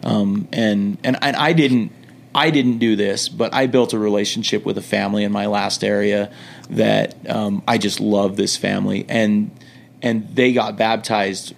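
A middle-aged man telling stories in a laid-back, joking way as a podcast guest, with lots of quick restarts. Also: lowish voice, fairly even intonation, vocal fry, a little hiss or hum. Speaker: podcast guest, returned missionary. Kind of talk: casual storytelling.

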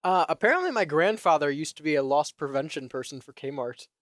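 Man, podcast co-host, casual chat, joking, lively pitch, dry close sound. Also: fairly quick, dry recording. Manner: joking, laughs often, puts on silly voices.

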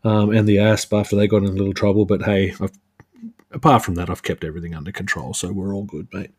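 A man putting on a chatty male snake henchman in a quick, offhand way while retelling a comic. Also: sits low, fairly even intonation, a little mellow. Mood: breezy.

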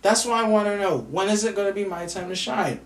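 A man's voice: high voice, a little fast, distant mic, a little hiss or hum. Frustrated man ranting in an echoey room. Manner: frustrated, swearing, repeats himself. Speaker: vlogger. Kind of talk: venting rant to camera. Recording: roomy echo, away from the mic.

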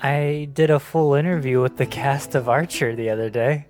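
A man's voice: medium pitch, moderate pace, a little mellow, faint music behind. A young man co-hosting a casual podcast, laid-back and joking, who sometimes slips into mock-outraged rants. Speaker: podcast co-host, entertainment interviewer.

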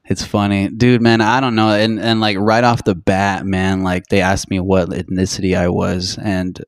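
A man's voice: deep voice, flat delivery, normal speed, clean tone, no room sound, clean studio sound. A young man telling a story in casual chat, rambling with restarts and plenty of swearing. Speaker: podcast co-host.

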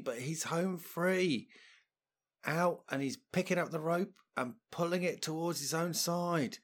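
Man doing jokey mock sports commentary. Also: a little high. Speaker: game master and commentator.

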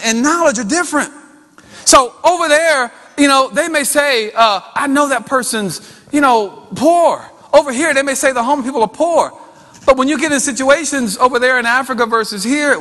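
A man preaching a sermon, animated, acting out voices with folksy asides. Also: extremely high pitch, normal speed. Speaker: pastor. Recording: long hall reverb.

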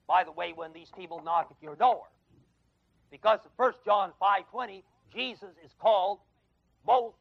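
A man's voice: high-pitched, dry recording. A man teaching a Bible college class, speaking emphatically and quizzing his students with questions. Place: adult education classroom. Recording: dull lo-fi 1979 tape recording.

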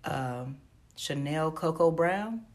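Chatty woman with a lowish voice. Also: takes it slowly. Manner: chatty, animated storyteller who laughs often. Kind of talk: casual chat.

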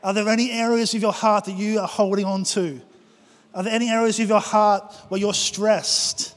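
A man's voice: high-pitched, fairly even intonation, normal speed. A man preaching a passionate sermon to his church, acting out prayers and quotes. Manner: impassioned, acts out prayers and quotes. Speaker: pastor. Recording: long hall reverb.

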